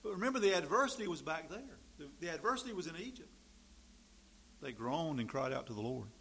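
A man preaching a sermon in an animated, sarcastic way, swinging from quiet remarks to loud, emphatic bursts. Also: fairly high pitch, brisk, gravelly, husky.

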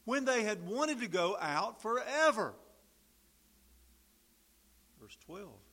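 A man's voice: high-pitched, big pitch swings, takes it slowly, bright, forceful tone. A man preaching a sermon in a conversational way, acting out little quoted exchanges and asides as he explains the text. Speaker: pastor.

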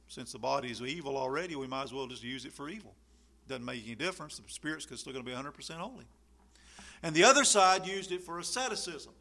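A man preaching a sermon, lively and animated, acting out the people he quotes. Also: fairly high pitch. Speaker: pastor.

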